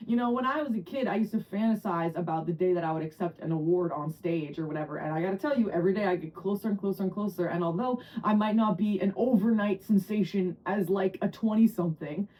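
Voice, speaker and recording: A woman of around forty from New Jersey giving a casual tarot reading to camera, chatty and excitable, often breaking into laughter and high squeals. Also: fast talker, few pauses, rough recording. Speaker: tarot reader.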